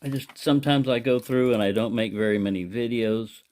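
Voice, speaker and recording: A man's voice: mid-range voice, a little fast, darkish tone. A man hosting his own channel, talking in a loose, meandering way in a casual monologue. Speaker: knife collector and channel host.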